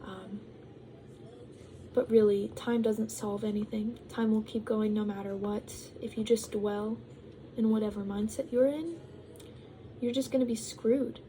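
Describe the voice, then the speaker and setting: A woman's voice: medium pitch, steady tone, a little slow, warm tone, a little hiss or hum, poor audio. A young woman talking casually to her vlog audience, rambling with lots of ums and likes, sometimes while eating. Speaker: vlogger.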